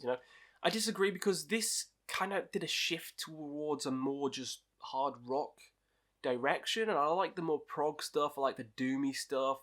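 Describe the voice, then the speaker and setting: A man's voice: a little high, a bit bright. Chatty man reviewing metal albums. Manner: chatty and opinionated, with many fillers. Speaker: music reviewer host. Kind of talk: casual album ranking review.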